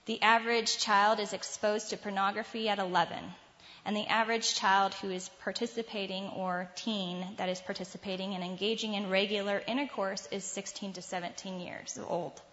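An earnest woman speaks to fellow mothers in a devotional talk, her tone conversational and dotted with little laughs. Her voice sits at a medium pitch. It is captured with a slightly muffled sound and a long reverb, as if it is ringing through a large hall. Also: steady tone, normal speed, fairly bright tone.

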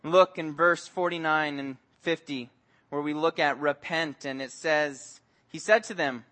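A man preaching a sermon, telling stories in a lively way and acting out the voices in them. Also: on the high side, unhurried. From Mexico. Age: adult with young son. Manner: animated storytelling, acts out voices. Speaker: pastor.

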